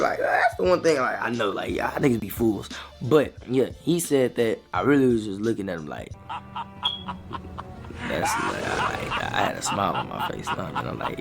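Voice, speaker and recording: A young man tells a rambling, slangy story to his viewers in an easy mid-range voice. He gets animated as he retells what happened. Faint music runs underneath. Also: mid-range voice, brisk, creaky. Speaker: vlogger. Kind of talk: casual storytime.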